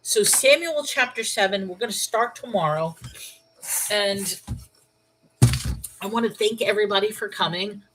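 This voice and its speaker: A woman's voice: mid-range voice, normal speed, long pauses, rough recording. A congested woman hosting a Bible reading show, reading scripture and then musing aloud about it in an earnest, questioning way. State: congested, stuffy-nosed. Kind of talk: scripture reading with casual commentary.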